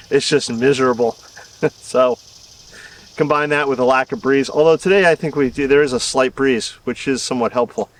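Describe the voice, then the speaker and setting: A man's voice: mid-range voice, moderate pace. A middle-aged man from the American South chats through his gardening video with a rambling, self-deprecating manner and chuckles. He is recorded outdoors in his garden. The camera mic sits a little away from him, so he sounds slightly distant. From Southern United States. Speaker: gardening channel host. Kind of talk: casual outdoor video talk.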